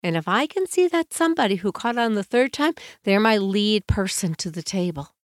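A woman hosting a podcast, speaking in a gentle, soothing way and slowly guiding the listener through calm advice. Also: mid-range voice, dry recording, studio quality. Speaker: podcast host.

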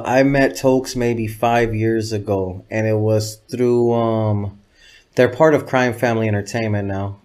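A man's voice: on the low side, mellow. A man telling loose, profane anecdotes as an interview guest. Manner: profane, loose, rambling anecdotes with quoted dialogue. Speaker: guest, videographer. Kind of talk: casual interview storytelling.

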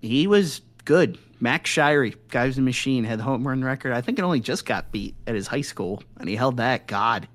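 A podcast co-host with an expressive, mid-range, fairly bright voice chats casually at normal speed, hardly pausing at all. He tells long, rambling stories packed with swearing, laughs and frequent use of "like".

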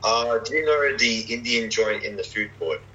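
A man's voice: fairly low pitch, normal speed, sharp tone, highs cut off, slight background noise. A young man chatting casually and hesitantly, with lots of fillers and restarts. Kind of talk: casual chat.

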